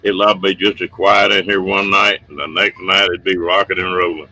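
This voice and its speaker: Brief: deep, bright-toned man, folksy stream host, casual. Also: little pitch movement, moderate pace, rough recording. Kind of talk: casual live-stream chat.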